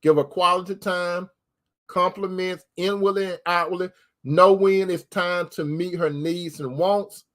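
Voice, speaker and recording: Man, high-pitched voice, preacherly advice host, calls listeners brother, drawn-out emphasis on key words. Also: steady tone, fairly bright tone. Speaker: host giving relationship advice. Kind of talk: preacherly advice talk reading viewer comments.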